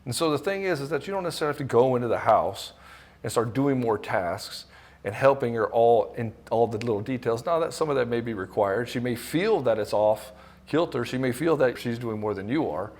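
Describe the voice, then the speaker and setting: A middle-aged man talks straight to the camera as a relationship coach, in a voice of ordinary pitch. He is blunt and casual, swears freely, and slips into the voices of the people he quotes to make his points. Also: brisk, darkish tone. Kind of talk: direct-to-camera coaching talk.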